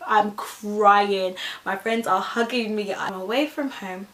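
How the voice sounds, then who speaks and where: A young woman telling a storytime vlog, animated and acting out the voices of everyone in the story. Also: medium pitch, slow, slight background noise, rough recording. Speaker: vlogger.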